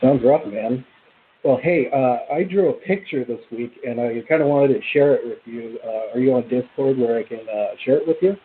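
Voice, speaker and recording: A man's voice: mid-range voice, moderate pace. A man calling in to a talk show, friendly and a bit hesitant and apologetic. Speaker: caller. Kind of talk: casual phone call. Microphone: phone line. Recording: tinny phone line with hiss.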